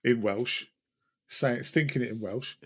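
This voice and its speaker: A man's voice: medium pitch, unhurried, fairly bright tone, husky. A man co-hosting a casual pub-style podcast chat, rambling and joking at himself. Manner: rambling, jokey, self-mocking. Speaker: podcast co-host.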